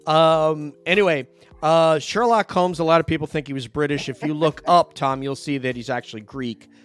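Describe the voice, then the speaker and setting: A man from New York hosting a casual video call chat, jokey and quick to laugh, often trailing off mid-sentence. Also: a little high, fairly even intonation, clear, resonant tone, faint music behind. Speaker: host.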